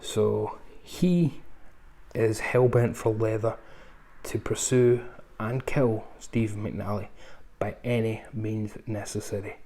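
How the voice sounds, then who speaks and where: A man's voice: fairly low pitch, slow, creaky, dark tone. A man reviewing films in a casual, rambling way, full of ums and asides. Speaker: film reviewer. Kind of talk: casual film review chat.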